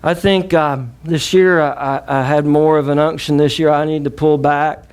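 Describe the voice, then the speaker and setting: A man's voice: on the high side, flat delivery, normal speed, a little mellow, clear, resonant tone. Emphatic Southern man preaching a sermon. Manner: emphatic preaching with call-and-response. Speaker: pastor.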